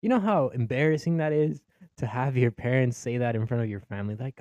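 A man's voice: medium pitch, lively intonation, normal speed, dark tone, dry recording. A young Mexican-American man doing stand-up comedy, swearing freely, laughing at his own jokes and acting out his family.

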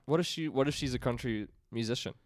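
A man's voice: mid-range voice, fast talker, dry recording, studio quality. A young man co-hosting a podcast, teasing his friends and laughing often. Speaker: podcast co-host. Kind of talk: casual chat.

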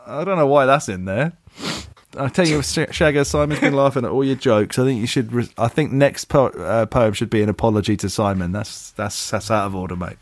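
This podcast host talks a little fast in a mid-range voice on a dry recording. He's reading a listener's email aloud and repeatedly breaks into laughter partway through.

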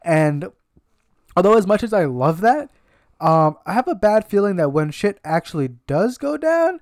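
A woman's voice: mid-range voice, big pitch swings, moderate pace, darkish tone, dry recording. A woman chatting casually as co-host, joking and swearing freely. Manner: jokey, swears freely, slips into put-on street voices. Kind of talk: casual chat.

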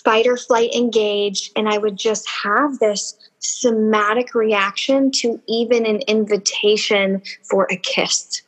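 A woman speaking earnestly and emotionally in an intimate podcast conversation, slow and deliberate. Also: medium pitch, fairly even intonation, rough recording.

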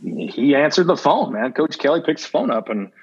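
A man's voice: on the high side, very animated, moderate pace, gravelly, breathy edge. A man, a football coach, talking in a casual interview and acting out old conversations as he tells stories. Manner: candid, acts out remembered conversations. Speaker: assistant football coach, podcast guest. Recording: dull lo-fi audio.

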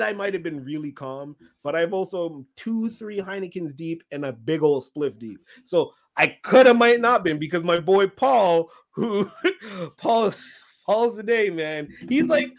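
A man with a notably high voice tells a story in relaxed, casual chat. He rambles and restarts, dropping "like" into nearly every phrase. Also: unhurried. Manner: rambling, fills speech with "like".

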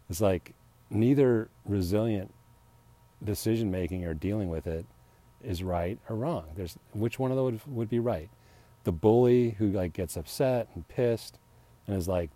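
Deep-voiced man rambling and self-deprecating. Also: mellow, dry recording. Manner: acts out heated retorts, laughs often. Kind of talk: rambling personal reflection.

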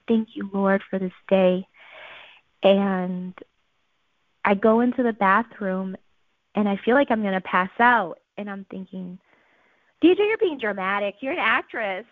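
A woman telling her life story in an earnest, animated way, acting out the quotes. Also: mid-range voice, no echo. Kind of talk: personal storytelling. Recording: tinny phone-like sound, dry.

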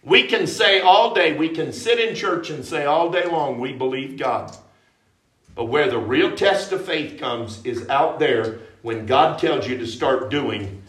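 High, bright-voiced man preaching revival. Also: unhurried. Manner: emphatic, repetitive, with sudden shouted peaks. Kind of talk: revival sermon. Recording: roomy church echo.

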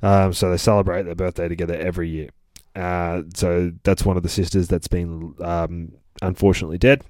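A man hosting a comic book podcast, gushing and swearing excitedly in a rambling casual review. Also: low-pitched, fairly quick, dry recording, clean studio sound. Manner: rambling, with many fillers.

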